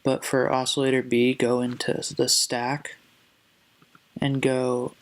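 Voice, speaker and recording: A man giving a casual music production tutorial, relaxed and hesitant, often correcting himself as he goes. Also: mid-range voice, slow, rough recording. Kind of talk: casual screen-recorded tutorial. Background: faint synth sounds.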